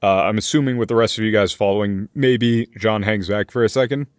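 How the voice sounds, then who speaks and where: A man's voice: on the low side, steady tone, brisk, no room sound, clean studio sound. A man running a tabletop game as game master, narrating scenes loosely with plenty of fillers and restarts.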